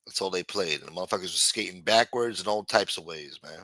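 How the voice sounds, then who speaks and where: A man's voice: low voice, fast, sharp tone, no room sound, studio quality. A man hosting a livestream and telling a crime story in casual, profane street talk. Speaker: livestream host.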